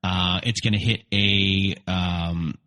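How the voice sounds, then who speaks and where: A man hosting an interview, asking slow, searching questions with hesitant fillers. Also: low voice, steady tone, bright, forceful tone. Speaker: host. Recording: long room reverb.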